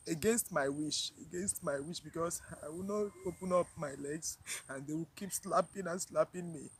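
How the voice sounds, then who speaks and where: A woman tells a personal story to her viewers, emotional and near tears, halting and repeating herself with sighs. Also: low voice, slight background noise, poor audio. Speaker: vlogger.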